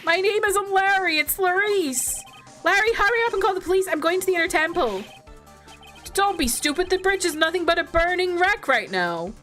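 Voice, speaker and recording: Woman playing a clumsy panicky young guy, high voice, frantic, lively, game reading. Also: moderate pace, faint music behind, heavily acted. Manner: frantic and blustering. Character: goofy, panicky young man, loud and clumsy.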